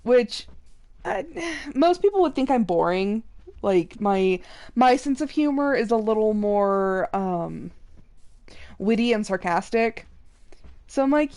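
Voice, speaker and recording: A young woman chatting casually and rambling on a live game stream, self-deprecating, with sudden excited outbursts. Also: mid-range voice, slow pace. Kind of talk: casual live-stream chat while gaming.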